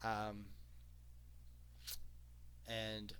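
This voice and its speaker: A man recapping a wrestling show in a casual, excited, rambling way. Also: on the low side, very slow, clear, resonant tone. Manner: excited, rambling, lots of "okay?".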